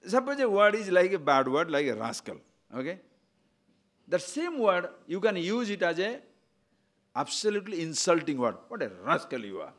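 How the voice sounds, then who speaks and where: An older man teaches a spiritual discourse in a fairly high voice. He asks rhetorical questions, repeats key words and swings his pitch and loudness widely. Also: big pitch swings, normal speed.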